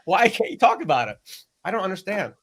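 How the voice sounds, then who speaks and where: An American man chatting as a guest, his voice sitting a bit high for a man. He is animated and joking, laughing easily between points. It is loose, casual talk. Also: quick pace. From United States. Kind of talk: casual chat.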